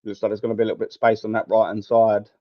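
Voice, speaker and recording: A man's voice: lowish voice, monotone, racing, no room sound. A young man hosting a live football watchalong, ranting to his chat in an exasperated, sweary, rambling way. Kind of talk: live match watchalong commentary and rant. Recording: dull, lo-fi dry home mic.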